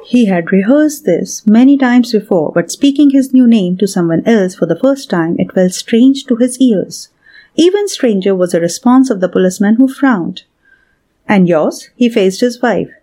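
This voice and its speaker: Woman reading a story aloud, mellow voice, steady and measured. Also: medium pitch. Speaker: narrator. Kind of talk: scripted story narration.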